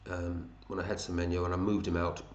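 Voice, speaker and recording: A man's voice: low voice, little pitch movement, fast talker, a little mellow, echoey room, dull audio. A man hosting a fantasy football league, chatting casually and matey as he runs through scores and thinks aloud. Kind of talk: casual commentary over a screen.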